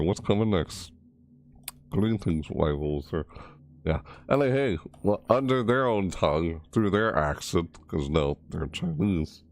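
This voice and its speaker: A man casually rambling through a game overview and reaction, mumbling and restarting phrases as he corrects himself. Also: a little mellow. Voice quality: low mumbling delivery. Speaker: gaming video creator.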